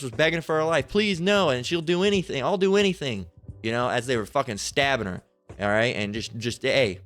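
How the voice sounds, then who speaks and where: A man's voice: medium pitch, fairly bright tone. A man preaching in an online sermon video in a rambling, profane way, full of repeated fillers and restarts.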